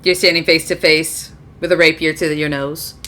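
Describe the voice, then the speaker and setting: A woman's voice: deep voice, flat delivery, normal speed, fairly bright tone. A woman running a tabletop game as game master, casual and tired, laughing between lines.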